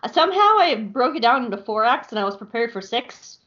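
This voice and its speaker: A woman's voice: fairly high pitch, big pitch swings, quick pace, fairly bright tone. A woman co-hosting a podcast, chatting casually about a cartoon series, chatty with frequent laughs and fillers. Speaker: podcast co-host. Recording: dull lo-fi sound.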